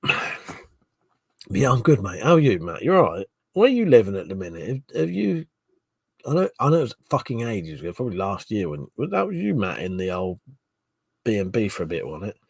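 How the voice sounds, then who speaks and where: A man's voice: on the low side, huge pitch swings, fairly quick, creaky, a little mellow, breathy edge, no echo. A man hosting a casual live stream, drunk, swearing a lot and laughing as he reads viewer comments. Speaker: livestream host.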